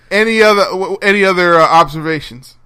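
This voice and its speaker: A man co-hosting a casual podcast chat, animated and acting out incredulous quotes with laughs. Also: sits high, normal speed, clean tone. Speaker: podcast co-host. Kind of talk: casual chat over a phone call.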